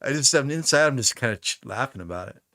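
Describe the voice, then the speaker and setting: An American man tells meandering stories during a live stream, circling back and restarting his sentences as he goes. His voice has a bright, forward edge. The sound is dry and close, with no room around it. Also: medium pitch, lively intonation, fast talker, dry recording. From United States. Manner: rambling, chatty storytelling with many restarts. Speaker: musician streaming a recording session. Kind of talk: casual live-stream chat.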